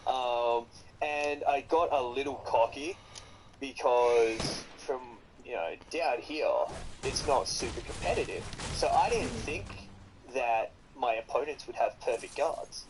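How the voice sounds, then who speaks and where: An Australian man telling stories in casual chat, animated and swearing freely. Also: mid-range voice, a little slow, soft background music, low-quality recording.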